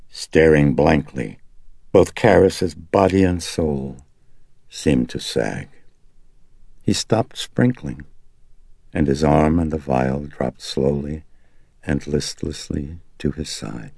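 A man narrating a horror novel in a slow, brooding, deliberate reading. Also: extremely low pitch, animated, vocal fry, a little mellow, husky, dry recording. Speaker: audiobook narrator.

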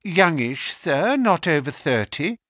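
A man's voice: a little high, big pitch swings, slow pace, fairly bright tone, no room sound, clean studio sound, pitched above the performer's own voice, exaggerated voice. A man voicing a respectful, worried middle-aged landlady who answers in a deferential, plain-spoken way, in an audiobook reading.

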